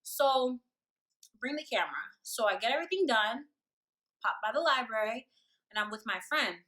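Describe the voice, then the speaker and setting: A young woman telling a casual storytime, animated and slangy, acting out what people said. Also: fairly high pitch, moderate pace. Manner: animated, slangy, acts out quotes.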